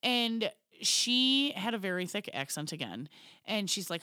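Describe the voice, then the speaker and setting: A woman's voice: on the low side, expressive, moderate pace, bright, forceful tone, dry recording, clean studio sound. A woman co-hosting a podcast in casual chat, blunt and swearing freely, laughing often. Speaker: podcast co-host.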